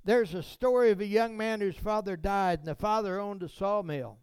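A man's voice: sits high, normal speed, a little mellow, clear, resonant tone, no echo. A man preaching a sermon as pastor in a church, in a preacherly way that swells into fervent rises on words of praise.

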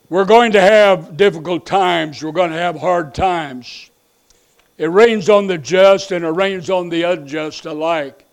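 Gravelly high-voiced preaching pastor. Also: male voice, slow. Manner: swings between loud pleading rises and soft low passages; repeats and restarts phrases for emphasis. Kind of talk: preaching sermon.

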